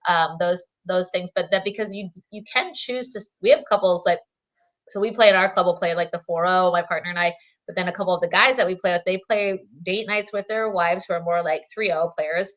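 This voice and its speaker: A woman's voice: on the low side, fairly even intonation, brisk, fairly bright tone. A woman guest on a podcast, talking casually and laughing often, with plenty of fillers. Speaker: guest, therapist and co-author.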